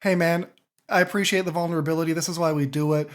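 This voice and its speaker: A man's voice: fairly high pitch, steady tone, fast. A man co-hosting a podcast in casual chat, hyped and jokey, swearing freely. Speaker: podcast co-host.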